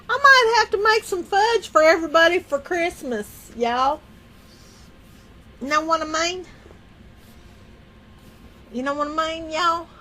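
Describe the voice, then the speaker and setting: A woman with a very high, sharp-toned voice hosts a livestream from home, chatting casually with viewers. She rambles in a folksy way and laughs often.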